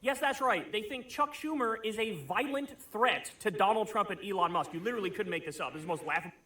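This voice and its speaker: A man's voice: high voice, fast talker, sharp tone. A man doing political video commentary in a sarcastic, incredulous tone.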